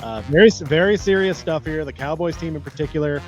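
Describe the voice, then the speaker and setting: A man co-hosting a casual podcast, an animated storyteller who laughs often. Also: on the high side, fairly quick, muffled recording, faint music behind. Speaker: podcast co-host.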